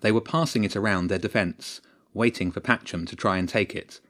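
Like an audiobook narrator, a man tells a story with a low voice and a steady, measured, even delivery.

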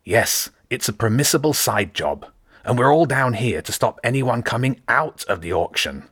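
A smooth, self-assured rat who talks his way past anyone, put on by a male narrator. He speaks in a persuasive, easy manner, a touch higher than the reader's own low voice. The sound is close and dry. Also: animated, normal speed, fairly bright tone, no echo. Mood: scheming. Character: smooth confident male rat mercenary leader.

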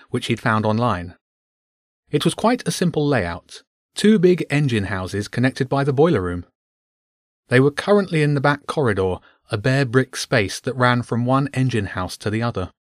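Man, storyteller, children's book narration, mid pitch, dry close sound. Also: lively intonation, moderate pace, no echo.

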